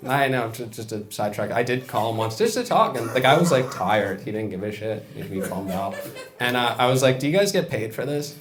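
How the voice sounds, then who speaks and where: A young man doing a stand-up set on a club stage, deadpan, with mumbled asides and loud punchlines. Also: mid-range voice, fairly quick. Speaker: stand-up comedian. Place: comedy club stage with a live audience. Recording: laughing crowd in a room.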